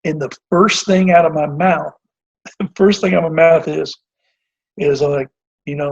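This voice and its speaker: Husky-voiced man telling a coaching story. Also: on the high side, fairly even intonation, unhurried, long pauses. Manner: earnest, rambling with many fillers and restarts. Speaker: basketball coach, guest. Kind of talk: casual interview storytelling. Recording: dull lo-fi audio.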